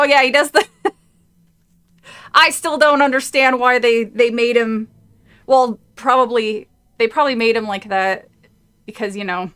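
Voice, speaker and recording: Bright-voiced woman rambling through a read-along. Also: medium pitch, smooth. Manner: rambling, with frequent tangents and laughs. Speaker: streamer reading a horror novel aloud. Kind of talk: casual chat mixed with reading aloud. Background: faint movie audio.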